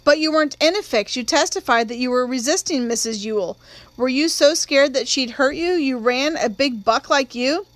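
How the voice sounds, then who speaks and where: A woman's voice: high-pitched, moderate pace, no room sound, natural voice. A woman doing a sneering prosecutor. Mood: scornful. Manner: hostile, contemptuous, pressing. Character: sneering middle-aged male prosecutor.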